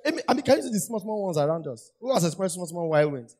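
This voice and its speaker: High-voiced emphatic male preacher. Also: sing-song, racing, hardly any pauses, a little mellow, breathy edge. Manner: repetitive, emphatic preaching with rhetorical questions. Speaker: pastor. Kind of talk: sermon.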